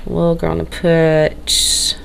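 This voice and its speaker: A woman's voice: deep voice, monotone, very slow, creaky, a little hiss or hum. Tired, tongue-tied Southern woman. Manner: rambling, tongue-tied, nervous. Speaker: game tutorial narrator. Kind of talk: casual screen-recorded walkthrough.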